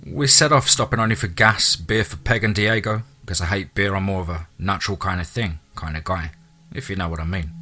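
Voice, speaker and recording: A man narrating a listener's true ghost story in a dramatic storytelling manner, dropping into low asides. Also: sharp tone.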